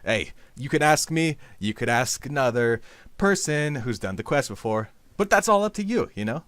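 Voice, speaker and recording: A man's voice: mid-range voice, animated, normal speed, fairly bright tone, no echo. A man hosting a gameplay video, rambling with absurd jokes and calling the listener dude. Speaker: gaming video host.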